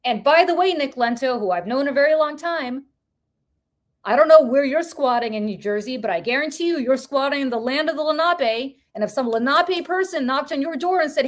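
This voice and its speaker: High-voiced, impassioned podcast woman. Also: lively intonation, brisk. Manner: impassioned, profane, rhetorical questions. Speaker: podcast co-host. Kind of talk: heated political commentary.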